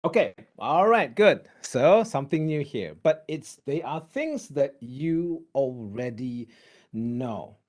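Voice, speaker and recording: Brief: male lecturer, mellow tone, very expressive pitch, quizzes the class on a video call. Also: takes it slowly. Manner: animated, asks the class questions.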